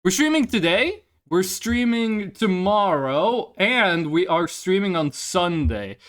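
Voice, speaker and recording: A man's voice: sits high, very animated, slow pace, fairly bright tone. A young adult man chatting casually on a live stream and telling a story with lots of profanity.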